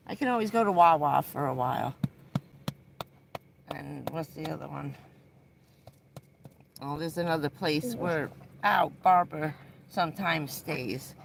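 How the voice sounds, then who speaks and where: A woman live-streaming casual chat from inside her parked van at night, blunt and quick to swear, alternately scolding and soothing her dog. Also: mid-range voice, vocal fry, slight background noise. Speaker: livestreaming van dweller.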